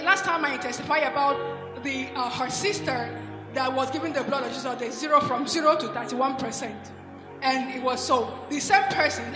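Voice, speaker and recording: A woman with a high voice giving a church testimony, circling back and restarting as she tells her story. She sounds roomy and reverberant, as in a large hall, with music playing clearly behind her. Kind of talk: spoken testimony.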